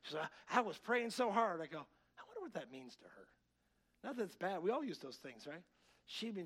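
A man pastor preaching a sermon, swinging between loud, excited preaching and quiet asides to his church, wearing a clip-on mic. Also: medium pitch. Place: church sanctuary. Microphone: clip-on mic that keeps slipping.

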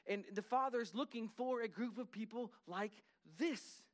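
Male pastor with a high voice, folksy storytelling sermon, acts out the characters in his stories. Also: moderate pace. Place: church sanctuary.

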